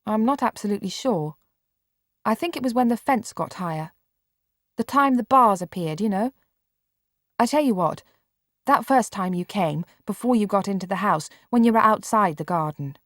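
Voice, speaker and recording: A woman's voice: medium pitch, expressive, moderate pace, no echo, voice pushed up, natural voice. Cranky young boy stuck in bed, as a woman reads him, blunt and scolding, dry close mic. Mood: probing. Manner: brusque, scolding, gloomy. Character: bedridden boy, blunt and impatient.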